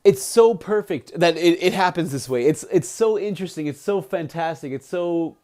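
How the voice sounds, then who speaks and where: Young male streamer, slightly high voice, excitable casual storyteller who leans on fillers and acts out every quote. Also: moderate pace. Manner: animated, excitable, acts out quotes with big pitch jumps; many fillers like "he's like". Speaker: streamer reading a book aloud. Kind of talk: casual retelling of a book on a livestream.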